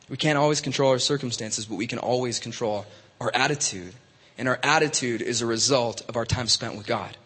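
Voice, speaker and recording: A man's voice: mid-range voice, brisk, fairly bright tone, slightly rough, in a large hall. A man preaching to young people in a casual, conversational way, with many fillers and restarts. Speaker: youth pastor. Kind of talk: youth sermon.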